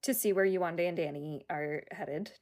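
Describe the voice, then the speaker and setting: A young adult woman co-hosting a podcast, laughing often and reacting with loud swearing. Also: fairly low pitch, moderate pace. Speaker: podcast co-host. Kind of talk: casual chat.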